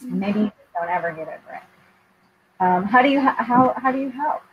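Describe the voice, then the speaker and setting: A woman's voice: fairly high pitch, expressive, a little fast. Woman host, candid and emotional, hesitant with fillers; muffled recording, faint noise. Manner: candid and heartfelt, with frequent ums. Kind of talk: live interview chat. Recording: dull lo-fi sound with faint noise.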